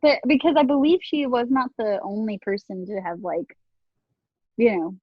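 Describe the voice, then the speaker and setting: A woman's voice: fairly high pitch, lively intonation, normal speed, dry recording. Chatty woman on a dull remote call. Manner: chatty, laughs often, many fillers. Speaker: podcast co-host. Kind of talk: casual chat. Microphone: video call.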